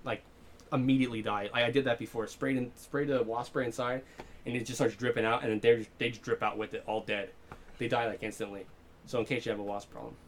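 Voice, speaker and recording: A man's voice: mid-range voice, quick pace, a little hiss or hum. A young man telling stories in casual, profanity-heavy chat among friends. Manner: profane, animated storytelling.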